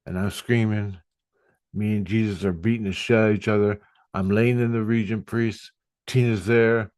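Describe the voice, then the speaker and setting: Slow, profane man telling a story. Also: lowish voice, a little mellow, no echo, studio quality. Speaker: vlogger. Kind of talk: casual spiritual monologue.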